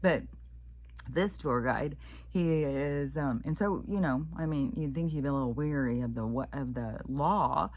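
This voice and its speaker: A woman with a strikingly deep, husky voice talks through a loose, profane vlog monologue. She wanders from point to point, leaning on fillers and curse words. The sound is dry and close, with no room around it. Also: a little slow, a little mellow, dry recording. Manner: profane, rambling, frequent fillers. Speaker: vlogger. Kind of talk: casual rambling monologue.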